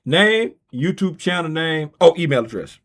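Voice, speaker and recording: A man hosting a casual trading livestream, talking through charts in a playful, drawn-out way. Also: a little high, animated. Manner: playful, drawn-out, sing-song delivery.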